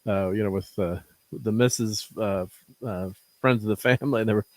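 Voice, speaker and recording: A man's voice: lowish voice, steady tone, fairly quick, no echo. A middle-aged American man co-hosting a podcast, telling rambling stories with frequent chuckles. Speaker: podcast co-host. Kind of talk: casual podcast chat.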